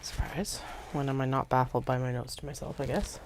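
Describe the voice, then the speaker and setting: A woman hosting a craft livestream, chatting casually and thinking aloud as she works, muttering notes to herself and sometimes dropping to soft whispers. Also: rumbling low, steady tone, brisk, slight background noise. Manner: chatty, laid-back, drifts into soft whispers. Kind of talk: casual talk while working.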